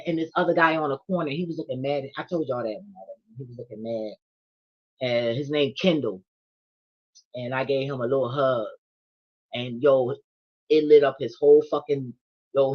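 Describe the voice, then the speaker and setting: A woman's voice: sits low, muffled recording. A woman vlogger, telling a casual monologue full of slang and swearing. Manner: animated, profane storytelling with slang.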